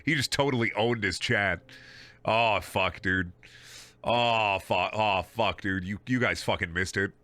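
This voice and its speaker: A man's voice: fairly low pitch, unhurried, bright, forceful tone, no echo. A man streaming a video game, talking in a sarcastic, rambling, profane way with frequent laughing and repeated words. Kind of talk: casual game livestream commentary.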